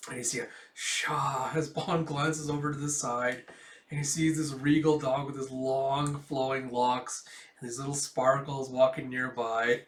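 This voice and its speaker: A man's voice: medium pitch, flat delivery, unhurried. A man hosting a casual manga reading, chatty and laughing, with lots of fillers. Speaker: host. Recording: roomy sound from a distant mic.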